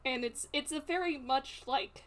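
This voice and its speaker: A woman playing a tabletop game who narrates her character's actions, halting and hesitant, stopping often to find words. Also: high voice, a bit bright. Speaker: player.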